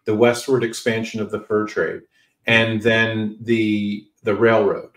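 A Canadian man talks in an unhurried, hesitant way, full of small fillers and pauses. His voice sits a little low. He sounds set back from the microphone, in a room with noticeable echo. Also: flat delivery, recorded from a distance. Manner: measured, hesitant, many fillers. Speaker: guest historian. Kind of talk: casual interview talk.

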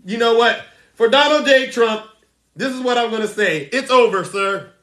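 A man hosting a political commentary show, theatrical, swinging between shouted outbursts and hushed, mock-solemn asides as he addresses his viewers. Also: extremely high pitch, normal speed.

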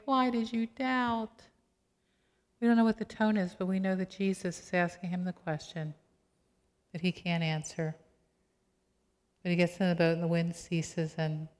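A middle-aged woman pastor giving a sermon in a conversational, animated storytelling way, acting out quoted voices. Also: lowish voice. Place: church sanctuary. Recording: long church reverb.

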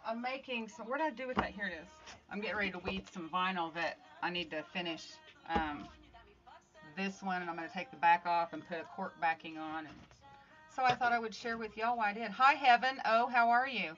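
This woman talks fairly quickly in a medium pitch with a fairly bright tone. While working on crafts at home, she hosts a casual livestream, chatting upbeat and calling out viewers by name. The phone stream has slightly dull audio and faint music.

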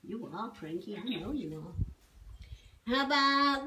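High cooing woman baby-talking to parrots. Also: expressive, slow. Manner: cooing, sing-song, repeating pet names. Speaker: pet bird owner filming her parrots. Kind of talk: baby talk to pets. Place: home with pet birds. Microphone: handheld camera. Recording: loud parrot noise behind. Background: parrots squawking.

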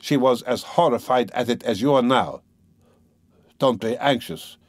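A man voicing a smooth, manipulative gentleman. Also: mid-range voice, unhurried, no echo, clean studio sound, natural voice. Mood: insinuating. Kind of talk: audiobook character reading.

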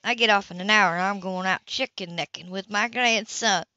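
A woman's voice: medium pitch, moderate pace, bright, forceful tone, no echo, dull audio, natural voice. A woman reading the part of a chatty older grandmother, homely and friendly.

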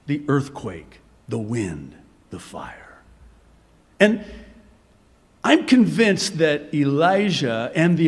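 A man preaching a sermon in an animated way, dropping to a whisper for dramatic effect. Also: a little high, in a large hall. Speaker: pastor.

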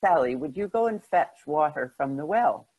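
A woman's voice: low-pitched, expressive, normal speed, darkish tone, dry recording, muffled recording. A woman quoting a kindly elderly nun. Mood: kindly caution. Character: kindly elderly female nuns warning of snakes.

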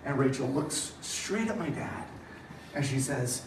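In a church hall, a middle-aged pastor with a medium-pitched, slightly slow voice preaches a sermon, telling stories and animatedly acting out the voices of the people in them. The recording is echoey, picked up from far off, with background noise.

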